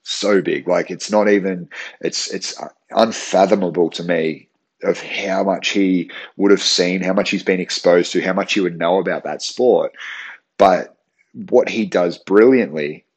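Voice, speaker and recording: A man's voice: low-pitched, steady tone, a little slow, slightly rough. A man hosting a podcast as a strength coach and gym owner, talking earnestly in casual solo chat, restarting phrases and checking in with "right?".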